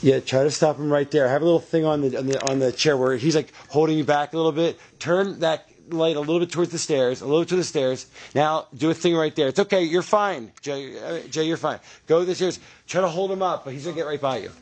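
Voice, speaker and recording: A young man directing actors on a film set, giving brisk, encouraging instructions. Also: a little high, darkish tone, a little hiss or hum.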